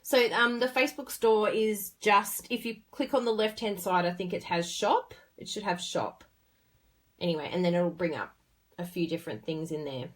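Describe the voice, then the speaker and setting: A woman's voice: on the low side, moderate pace. An Australian woman hosting a casual craft tutorial, chatty and bubbly as she talks through each step while working with her hands.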